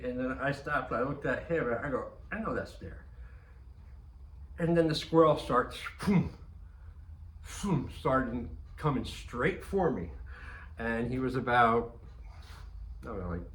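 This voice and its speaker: A man tells a loose, meandering story, full of restarts and casual swearing. His voice is bright and forceful. The room around him is echoey, with a faint hum of ambience behind. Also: mid-range voice. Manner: rambling, profane, frequent restarts and fillers. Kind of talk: casual anecdote.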